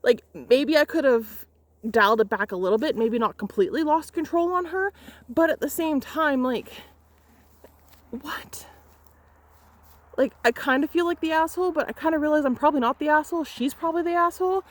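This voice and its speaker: A fairly high-voiced young woman tells a photography client story straight to camera. She is heated and emphatic, and she swears freely as she retells the clash. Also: normal speed. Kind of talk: angry storytime vlog.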